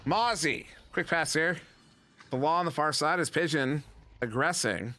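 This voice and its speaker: A man's voice: on the high side, bright, forceful tone. A man casting a virtual reality sports match with play-by-play calls and playful joking asides. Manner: joking, playful asides, quotes action-hero one-liners; rapid play calling. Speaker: esports caster. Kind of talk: play-by-play commentary.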